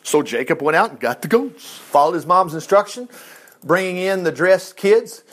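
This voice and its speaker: A man's voice: high voice, expressive, normal speed, a bit bright. A middle-aged man preaching in a chatty, folksy storytelling way, acting out the lines he quotes.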